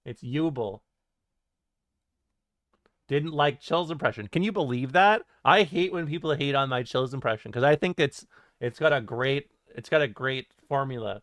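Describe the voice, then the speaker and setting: A man streaming and reading chat aloud, joking, laughing and swearing in quick casual banter. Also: mid-range voice, fairly bright tone, dry recording.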